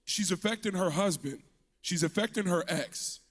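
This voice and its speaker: A man on a podcast panel who jokes with quick quips. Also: high-pitched, fairly bright tone. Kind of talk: podcast discussion.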